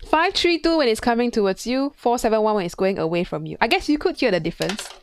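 A woman's voice: fairly high pitch, animated, quick pace, a little hiss or hum. A woman physics tutor, talking through an exam question in a chatty way, thinking aloud and imitating sounds. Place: classroom.

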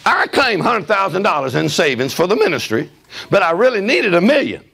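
An older man preaching a storytelling sermon in a church service, animated and laughing, with a punchy preaching manner. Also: sits high, a little fast, vocal fry, slightly rough. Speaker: guest preacher. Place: church service with responding congregation. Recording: live church hall with congregation audible.

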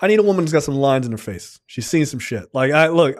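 Male podcast co-host, 40s, slightly high voice, rambling and profane, casual review chat. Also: lively intonation, fast. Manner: loose and profane, with many fillers and acted-out quotes.

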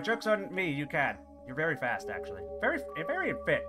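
A man's voice: fairly high pitch, huge pitch swings, brisk. A man commentating a horror game as he plays, joking and talking back to the character chasing him, with yelps and laughter. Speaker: gaming commentator. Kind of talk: let's play commentary. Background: horror game music.

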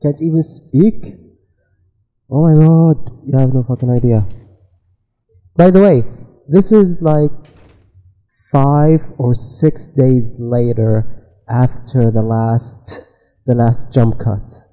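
Slow, dark-voiced man swearing at a game. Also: medium pitch, long reverb tail, poor audio. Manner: swears a lot and talks back to the game. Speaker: let's play gamer. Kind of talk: casual gameplay commentary.

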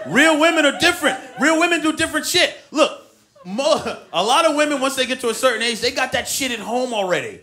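Guy doing stand-up, animated, swears a lot, does the voices himself, crowd laughing in the background, pretty high pitched. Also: fairly quick. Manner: animated, profane storytelling with acted-out voices. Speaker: stand-up comedian. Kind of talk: stand-up comedy routine. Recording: live club recording with audience noise. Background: audience laughter.

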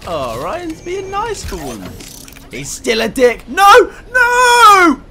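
Excitable man reacting loudly to a game. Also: high voice, slow, gravelly, faint music behind. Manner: excitable, loud outbursts, swearing. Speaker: let's play gamer. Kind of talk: live gameplay commentary.

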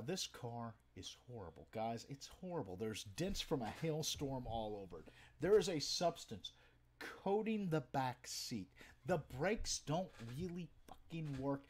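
Lively profane storytelling man. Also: on the high side. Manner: profane, animated, comic. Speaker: streamer. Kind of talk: casual storytelling.

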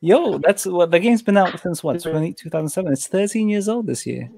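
A man's voice: high-pitched, animated, fairly quick, gravelly, dark tone. A man hosting a livestream, bantering playfully with his friends. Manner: playful, banters back and forth. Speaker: streamer hosting the stream. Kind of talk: casual chat.

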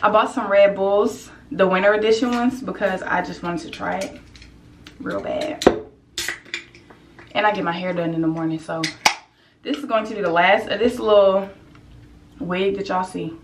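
A woman's voice: mid-range voice, fairly even intonation, normal speed, echoey room, background noise. A young woman chatting casually to her viewers in a home vlog, laid-back and talkative, filmed on a handheld camera indoors. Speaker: vlogger.

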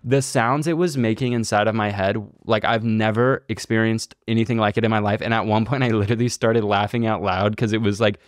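Smooth low-voiced man telling a rambling story. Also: fairly even intonation, brisk, few pauses, no room sound, studio quality. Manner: rambling, profane, filler-heavy delivery. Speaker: podcast co-host. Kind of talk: casual podcast storytelling.

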